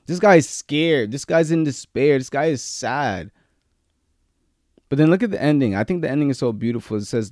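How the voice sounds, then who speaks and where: A man preaching a sermon, moving between loud, emphatic peaks and quiet, low-key stretches, with casual slang mixed in. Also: sing-song, unhurried, no room sound, studio quality.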